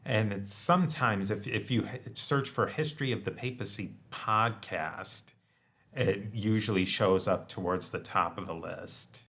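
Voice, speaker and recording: A man with a low voice hosts a podcast conversation. He speaks casually and haltingly, often pausing on "um" and "uh" and restarting his sentences. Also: creaky, fairly bright tone. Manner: halting, many fillers and restarts. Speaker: podcast host.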